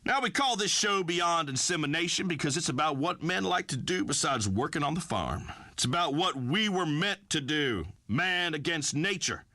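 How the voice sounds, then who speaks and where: An actor playing a brash, folksy redneck farmer who hosts a talk radio show, blustering through rambling pronouncements. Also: male voice, on the high side, expressive, moderate pace, few pauses, sharp tone, dry recording. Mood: boastful. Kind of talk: comic talk radio acting.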